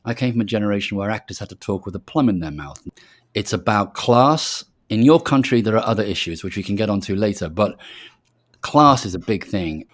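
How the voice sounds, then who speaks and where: A man in his sixties who grew up in Liverpool, speaking with a softened Liverpool accent as he reflects on his career and tells stories. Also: on the low side, lively intonation, a little fast. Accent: softened Liverpool English. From Liverpool, England. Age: 60s. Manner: reflective storyteller, acts out quoted voices. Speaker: executive producer guest. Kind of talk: casual interview.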